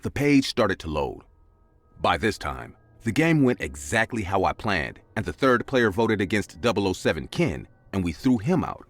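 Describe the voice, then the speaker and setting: A man's voice: sing-song, normal speed. A man narrating a scary story in a dramatic scripted style. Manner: dramatic, with big swings of pitch.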